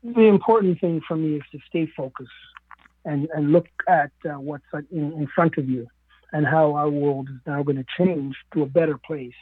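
Husky man over a tinny phone-like line. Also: a little high, normal speed, no echo. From Caribbean. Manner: musing, earnest, with many fillers and restarts. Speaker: radio guest speaker. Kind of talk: reflective radio talk. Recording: narrow phone-like radio sound.

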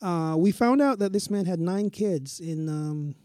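A man co-hosting a casual spiritual talk show, telling stories in a slow, reflective way. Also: high voice, darkish tone, no room sound, studio quality. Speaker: co-host.

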